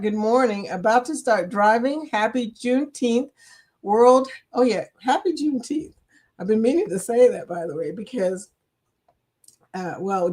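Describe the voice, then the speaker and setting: An older woman hosting a casual livestream chat, greeting viewers by name and laughing often. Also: fairly high pitch.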